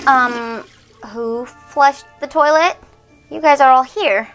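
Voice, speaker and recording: A woman's voice: high voice, takes it slowly, fairly bright tone, soft background music, heavily acted. A woman voicing a teenage big sister babysitting in a toy doll role-play, scolding and sing-song. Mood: bossy. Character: teen big sister babysitting, bossy but kind.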